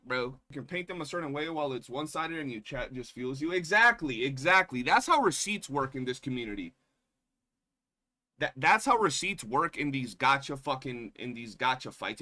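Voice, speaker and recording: A man's voice: a little high, sharp tone. A young man streaming, chatting casually in slangy, profane rants and mocking the people he talks about. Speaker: streamer reacting to drama. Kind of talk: casual reaction stream chat.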